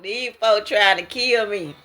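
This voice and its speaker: Speaking slowly and drawing out her words, a woman with a bright, forward, medium-pitched voice shares her dreams, which she sees as prophetic, in a casual monologue. She's animated, exclaiming and laughing often in slangy, emphatic talk, while soft music plays faintly in the background.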